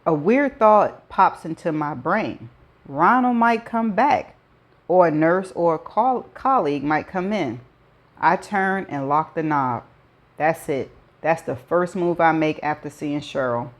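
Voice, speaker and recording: Woman host, low voice, reads a first-person novel aloud with chatty asides. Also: expressive, unhurried. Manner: adds her own chatty asides.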